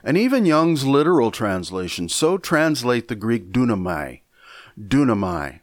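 A man teaching a Bible lesson in a measured, deliberate way, often repeating a word as he thinks. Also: medium pitch, very animated, dry recording, studio quality. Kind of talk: sermon lesson.

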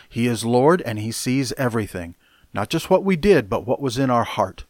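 A male pastor preaching a sermon with deliberate, emphatic phrasing and pointed pauses. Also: mid-range voice, lively intonation, a little mellow, no echo, clean studio sound.

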